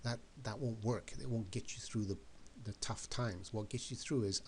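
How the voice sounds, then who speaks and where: A man's voice: on the low side, normal speed, a little mellow, a little hiss or hum. A man giving an emphatic motivational talk, often repeating words and questions for effect. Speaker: motivational speaker.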